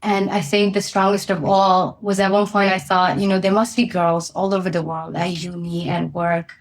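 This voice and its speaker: A woman's voice: medium pitch, moderate pace. Candid woman telling a personal story. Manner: candid, animated storytelling with many fillers. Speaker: guest, company founder.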